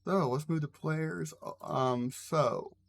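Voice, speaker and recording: A man's voice: on the high side, slow pace, gravelly, a little hiss or hum. A man running a tabletop game as game master, narrating casually with frequent fillers.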